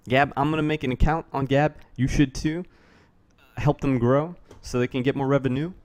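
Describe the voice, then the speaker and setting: A man's voice: mid-range voice, fairly even intonation, moderate pace. A man giving a rambling, casual commentary rant, sardonic and full of swearing. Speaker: YouTube commentator.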